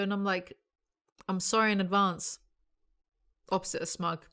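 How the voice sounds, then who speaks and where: A woman's voice: mid-range voice, fairly quick, a bit bright, clean tone. A young British woman who makes videos, reading a novel aloud and breaking off for sarcastic, self-mocking asides. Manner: sarcastic, wry and self-mocking, laughs often. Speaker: YouTuber.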